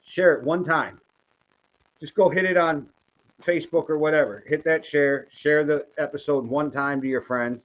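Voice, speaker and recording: A man's voice: a little high, normal speed, fairly bright tone. An older man with a Midwestern accent from Wisconsin, co-hosting a casual sports-betting chat in a loose, profane, joking way. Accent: Midwestern American. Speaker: podcast co-host. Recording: slightly dull, lo-fi audio.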